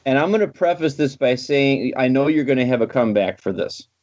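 A man co-hosting a podcast, speaking in a calm, measured, dry way in casual chat. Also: medium pitch. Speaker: podcast co-host. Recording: dull dry lo-fi mic.

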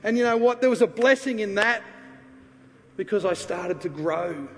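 A man preaching a sermon, earnestly telling a personal story and then leading a quiet prayer. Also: high voice, expressive, moderate pace. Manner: earnest, confessional, drops to a hushed voice for prayer. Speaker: pastor. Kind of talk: sermon with personal testimony and altar call. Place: church sanctuary. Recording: reverberant church hall with faint ambience.

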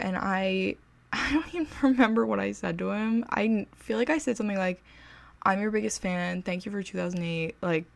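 A young woman talks casually to the camera and tells a story like an excited fan. Her voice has a gravelly fry. She is chatty and pokes fun at herself, and her pitch sits in an ordinary middle range. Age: young adult. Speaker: vlogger.

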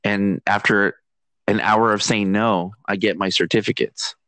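A man's voice: lowish voice, fairly even intonation, measured pace, pushed and bright, poor audio. A man chatting casually on a podcast, laid-back and hesitant, with lots of fillers. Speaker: podcast guest. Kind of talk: casual chat.

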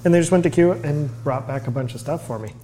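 A man telling a short story in a casual chat, halting with restarts. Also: fairly high pitch, mellow, a little hiss or hum.

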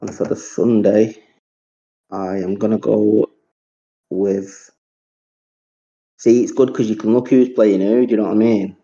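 A man's voice: on the low side, fairly even intonation, measured pace, pauses often, warm tone, husky. A man co-hosting a podcast, chatting casually, rambling and swearing freely. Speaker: podcast co-host. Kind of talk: casual chat. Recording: dull lo-fi audio.

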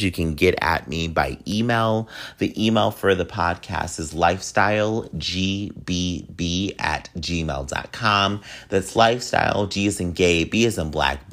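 A man hosting a podcast, talking in a casual, earnest way with a whiny, nasal voice. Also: very deep voice. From United States. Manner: chatty, earnest, repeats himself. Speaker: podcast host.

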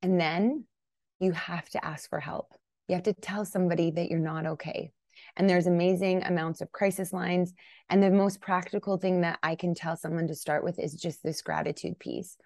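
A woman's voice: lowish voice, fairly even intonation, moderate pace, a little mellow, dry recording, clean studio sound. A woman in her thirties from Canada, a podcast guest talking casually and bluntly, jumping into raised voices to act out her own thoughts. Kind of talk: casual interview chat.

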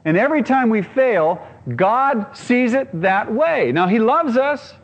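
A man's voice: very high-pitched, lively intonation, unhurried, in a large hall. A man preaching a sermon as pastor, earnest and emphatic, often repeating his phrases.

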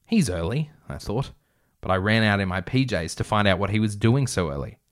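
A man's voice: lowish voice, animated, brisk. Man, reading a story aloud, wry asides, joking, casual. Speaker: reader of his own story.

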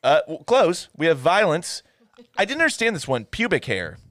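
A man's voice: on the high side, big pitch swings, moderate pace, fairly bright tone, no room sound. A man hosting a movie podcast in casual chat, repeating words as he starts his sentences. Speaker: podcast host.

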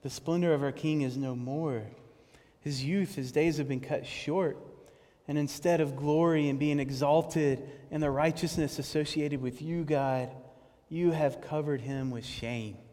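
A man preaches slowly and with passion, his voice a little higher than most men's. He repeats words as he goes and swings from loud, pleading cries to quiet, hushed lines. A long reverb trails after him in a large hall. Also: fairly even intonation. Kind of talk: sermon on a psalm.

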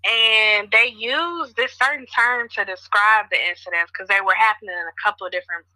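Bright-voiced woman chatting. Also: mid-range voice, brisk, no echo, low-quality recording. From Chicago. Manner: chatty, storytelling, frequent fillers. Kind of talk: casual conversation.

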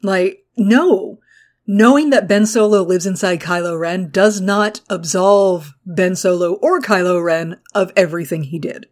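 A woman with a Texas accent, co-hosting a podcast in casual chat, animated and quick to laugh and swear. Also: lowish voice. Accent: Texan. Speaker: podcast co-host.

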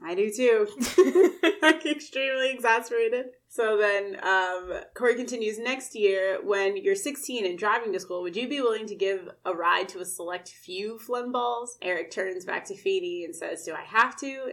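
Chatty woman recapping a sitcom. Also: medium pitch. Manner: animated, quotes characters in her own voice, laughs often. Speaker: podcast co-host. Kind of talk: casual recap chat.

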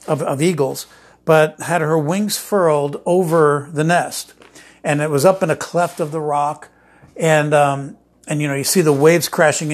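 A man preaching a sermon, telling stories with many restarts and fillers, then building to emphatic declarations. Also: a little high.

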